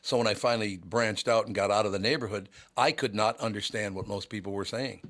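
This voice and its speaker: Chatty Minnesota-born talk show host. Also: male voice, fairly low pitch, fairly even intonation, a little fast, fairly bright tone. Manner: chatty storyteller, laughs easily. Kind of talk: casual talk show chat.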